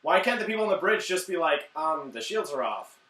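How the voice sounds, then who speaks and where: A man with a slightly high voice, co-reviewing a movie in casual chat. He talks in a hesitant, questioning way and often lets sentences trail off. The room echoes and he sits away from the mic. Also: big pitch swings, brisk, sharp tone, far from the mic.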